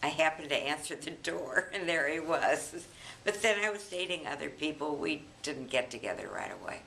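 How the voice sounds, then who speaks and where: An elderly woman in her eighties, recounting family memories in an unhurried, reminiscing way as a grandmother being interviewed. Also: sits low, expressive, gravelly, a bit bright, slight background noise, low-quality recording. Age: 80s. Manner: reminiscing, unhurried, chuckles often.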